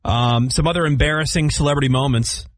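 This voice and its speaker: A man's voice: on the high side, fairly quick, no room sound. A man hosting a radio show, chatting casually and laid-back with his co-hosts. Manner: laid-back, chatty, says "dude" a lot. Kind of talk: casual morning radio banter.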